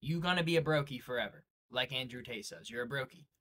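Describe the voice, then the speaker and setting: A man's voice: mid-range voice, quick pace, sharp tone. A young man giving a blunt, profane, slang-heavy motivational rant to his viewers. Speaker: day-trading vlogger.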